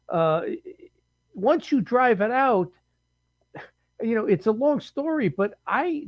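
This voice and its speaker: A man's voice: sits high, no echo, highs cut off. A man who researches the paranormal, a guest in an interview, telling long rambling anecdotes full of restarts. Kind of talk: casual interview storytelling.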